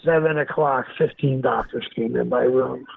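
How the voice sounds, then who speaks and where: A man's voice: mid-range voice, moderate pace, gravelly, husky, no echo. A man, a guest in an interview, telling a story bluntly and with lots of swearing. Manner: blunt, profane, animated storyteller. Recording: tinny phone-like line with faint noise.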